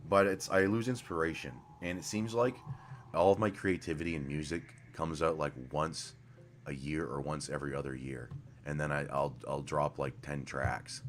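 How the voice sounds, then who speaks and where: A man's voice: extremely low pitch, steady tone, normal speed, slight background noise. A man casually commenting while streaming a game, rambling and swearing, with mumbled asides, speaking into a desk microphone.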